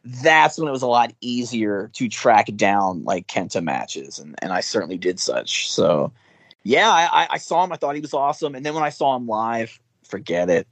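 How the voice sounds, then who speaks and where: A man chatting casually, telling animated stories with frequent laughs and swearing. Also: mid-range voice, moderate pace, dry recording. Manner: animated storyteller, laughs often, swears freely. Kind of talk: casual chat.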